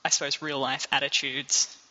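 A speaker in casual podcast chat, talking in a hesitant, measured way. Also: mid-range voice, little pitch movement, bright, forceful tone. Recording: dull lo-fi audio.

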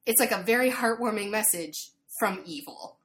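Bright-voiced woman telling a story. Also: mid-range voice, normal speed. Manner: animated storyteller, lots of fillers. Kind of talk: casual chat.

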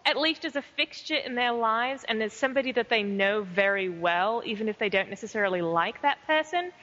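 Bright-voiced woman, thoughtful podcast talk. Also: a little high, lively intonation, a little fast. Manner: thoughtful, builds long reasoned arguments. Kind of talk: casual discussion. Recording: dull audio with long reverb.

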